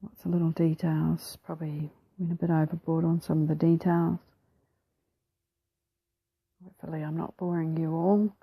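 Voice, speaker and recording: A woman with a New Zealand accent narrating her craft process over a time-lapse, soft-spoken and relaxed, often slipping into a whisper, a little self-deprecating. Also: sits low, moderate pace, long pauses, husky, dry recording, phone-quality sound. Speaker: mixed media artist.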